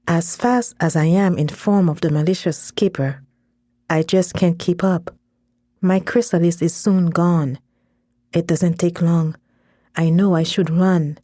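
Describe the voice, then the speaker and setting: A woman reading first-person fiction aloud in a measured, intense storytelling manner on a close studio mic. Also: fairly low pitch, steady tone, dark tone, no echo. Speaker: story narrator.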